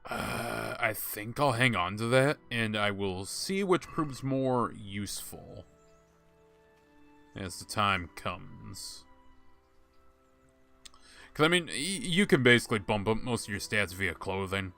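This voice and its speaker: A man's voice: fairly low pitch, animated, takes it slowly, gravelly, long pauses, bright, forceful tone, faint music behind. A young man casually commenting while he plays a game, thinking aloud and laughing at himself. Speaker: streamer playing a game.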